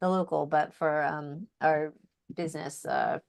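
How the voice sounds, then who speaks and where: A woman's voice: sits low, steady tone, unhurried, gravelly. A woman co-hosting a casual podcast chat, talking loosely with many restarts. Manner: chatty, many fillers and restarts. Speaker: podcast co-host.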